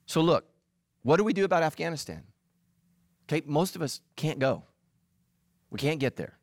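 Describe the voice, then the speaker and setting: A man's voice: a little high, moderate pace, no room sound. A middle-aged man preaching a humorous sermon, acting out voices and quotes as he tells stories. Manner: animated, acts out voices and quotes. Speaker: pastor.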